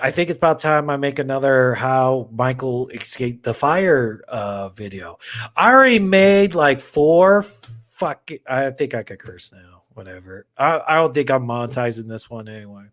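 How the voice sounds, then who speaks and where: A man hosting a horror movie livestream, chatting casually with viewers in a rambling, excitable way and swearing now and then. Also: medium pitch. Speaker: horror channel livestream host.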